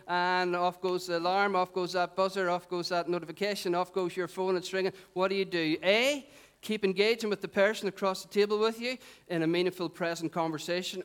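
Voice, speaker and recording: Lively preacher, middle-aged man. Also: high voice, smooth. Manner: animated, conversational, asks the crowd questions. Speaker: pastor. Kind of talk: sermon.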